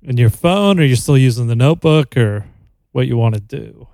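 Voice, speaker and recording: A man's voice: mid-range voice, lively intonation, moderate pace, creaky, mellow, no room sound. A man hosting a comedy podcast over a video call, tossing out dry, teasing questions. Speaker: podcast host. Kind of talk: casual comedy chat.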